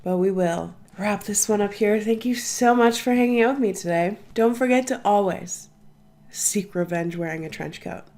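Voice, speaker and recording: A young woman talks through her reactions in loose, casual commentary, gushing and swearing freely. She laughs often between thoughts. Her voice sits at a middle pitch. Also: normal speed, a little mellow. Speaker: reaction channel host.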